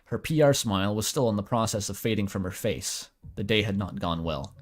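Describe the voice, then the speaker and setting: A man's voice: fairly low pitch, lively intonation, fairly quick. A man casually reading a story aloud, breaking off for self-deprecating asides with mild swearing. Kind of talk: casual read-aloud of fan fiction.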